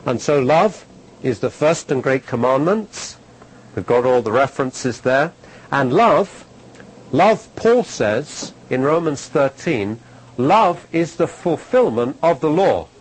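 A man with a slightly husky, mid-pitched voice teaches from the Bible to a gathered audience. He speaks conversationally, poses questions to his listeners and tags his points with "okay?" He repeats key phrases to drive them home. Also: animated, takes it slowly, rough recording. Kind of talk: sermon-style Bible teaching to a live audience.

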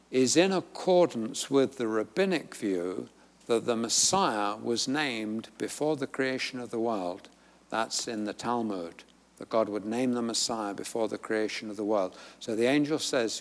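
Slow-paced man teaching in a reverberant hall. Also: medium pitch. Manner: conversational with bursts of emphasis. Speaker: Bible teacher. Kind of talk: Bible study teaching.

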